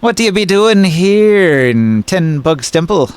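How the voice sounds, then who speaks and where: A woman's voice: lowish voice, animated, unhurried, darkish tone, smooth. A man voicing a woman who speaks with a thick drawl in a tabletop role-playing game. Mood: curious. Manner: drawling, folksy.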